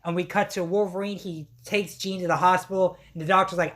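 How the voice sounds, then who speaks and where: A woman reviewer gushes through a casual episode recap, full of fillers and slang. Her voice sits fairly low and sounds strained from yelling. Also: a little fast, a little hiss or hum. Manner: excitable, many fillers and slang.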